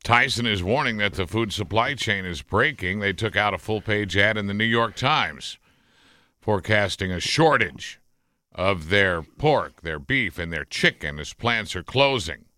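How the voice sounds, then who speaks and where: A man's voice: on the low side, expressive, unhurried, pushed and bright, dry recording, clean studio sound. A man co-hosting radio banter, relaying news in a matter-of-fact way.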